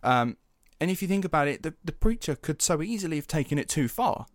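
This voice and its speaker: A young man hosting a podcast, telling a story in an animated, casual way, swearing freely and using lots of fillers. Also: fairly high pitch, brisk, no echo, studio quality. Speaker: podcast host.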